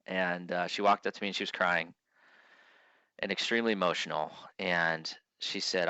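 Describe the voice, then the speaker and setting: A man's voice: deep voice, fairly even intonation, normal speed, pushed and bright, smooth, no room sound, dull audio. A man giving a conference keynote speech, telling stories earnestly and often restarting his sentences. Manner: earnest storytelling with frequent restarts. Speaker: keynote speaker.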